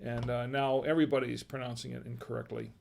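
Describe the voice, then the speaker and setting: A man hosting a live-stream wine tasting, chatting casually in a rambling, halting way with self-deprecating humor. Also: medium pitch, flat delivery, vocal fry, slight background noise.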